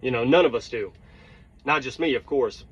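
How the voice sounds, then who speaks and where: A man's voice: mid-range voice, normal speed, slightly rough. Fired-up man venting, lo-fi sound. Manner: heated, blunt storytelling with swearing and repeated "right?". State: tired. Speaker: truck driver. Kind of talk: storytelling vlog rant.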